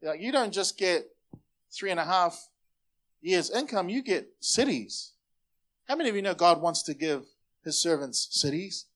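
A pastor with a high, bright-pitched voice delivers a lively sermon. He talks straight to the congregation and has them repeat his words back to him. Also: a little slow, long pauses. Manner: energetic, calls on the congregation to repeat phrases.

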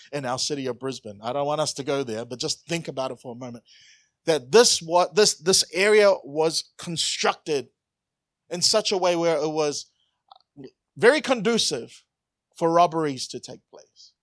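A man's voice: fairly high pitch, expressive, normal speed, no echo. A man preaching a conversational sermon, joking and asking the congregation questions. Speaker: pastor.

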